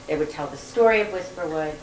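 Brief: lower-voiced Southern woman, animated storyteller, miked from a distance in a roomy event space. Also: quick pace, a little hiss or hum. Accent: Southern American. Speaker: guest author. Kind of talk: storytelling to a live audience. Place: event room with audience. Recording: roomy, distant mic with faint ambience.

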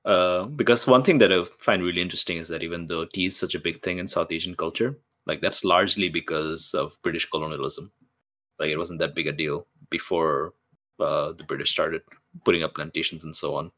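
A man's voice: sits low, fairly even intonation, fairly quick, fairly bright tone. A man playing in a tabletop game, musing thoughtfully in a casual way. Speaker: player.

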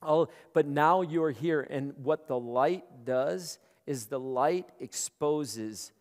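A man's voice: fairly high pitch, slow. A male pastor preaching a conversational sermon, often repeating words as he starts his phrases. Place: large room. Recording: long hall reverb.

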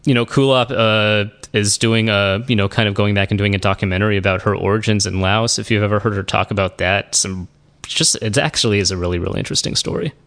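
A man's voice: lowish voice, fairly even intonation, quick pace, fairly bright tone. A man hosting a podcast, talking casually and poking fun at himself, often trailing off and restarting. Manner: chatty, self-deprecating, trails off and restarts. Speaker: podcast host. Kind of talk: casual podcast chat and solo wrap-up.

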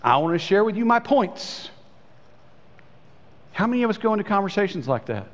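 A pastor preaching a sermon in a conversational way, his voice swinging between high and low. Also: sing-song, a little fast. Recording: long hall reverb.

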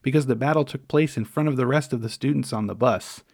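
Middle-aged man, wry memoir narrator, gravelly voice, dry close recording. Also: mid-range voice, darkish tone, no room sound. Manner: wry, measured, dryly humorous. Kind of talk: memoir storytelling.

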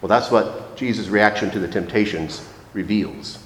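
A man preaching a reflective, measured sermon, slowing down to stress key phrases. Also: fairly low pitch. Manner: measured, reflective, slows for emphasis. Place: church sanctuary. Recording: echoey church hall.

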